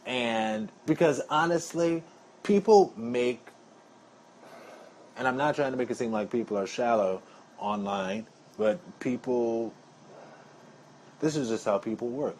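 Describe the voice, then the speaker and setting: A man's voice: mid-range voice, expressive, unhurried, vocal fry, pauses often, a little mellow, a little hiss or hum. A man talking casually to his viewers in a rambling, chatty monologue, calling them y'all. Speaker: vlogger.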